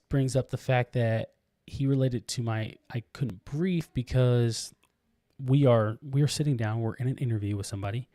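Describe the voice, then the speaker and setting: A man tells a story in casual podcast chat. His voice is mellow and dark, and the sound is dry and close. He rambles, restarting sentences and leaning on fillers. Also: medium pitch, no echo. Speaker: podcast co-host. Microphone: podcast microphone.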